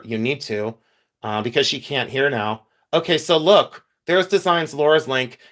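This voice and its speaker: A man's voice: on the high side, a bit bright. A man hosting a casual live stream, telling stories and answering viewers' comments by name. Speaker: livestream host.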